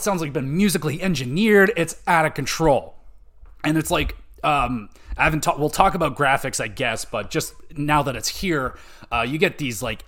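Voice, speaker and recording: Young male podcast host, slightly high voice, excitable and foul-mouthed, loose rambling chat. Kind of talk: casual game review chat.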